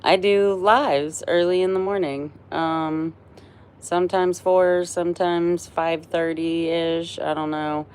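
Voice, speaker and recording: A woman's voice: fairly low pitch, steady tone, slow pace, darkish tone, clear, resonant tone. A tired woman in her forties hosting a casual live stream, chatty and rambling, laughing often between thoughts. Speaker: livestream host.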